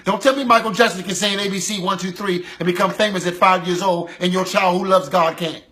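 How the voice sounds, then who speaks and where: A male preacher delivers an impassioned sermon. His voice sits high and rings bright, rising to loud calls and sinking to low, urgent passages. He drives his points home with rhythmic repetition. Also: fairly even intonation, a little fast.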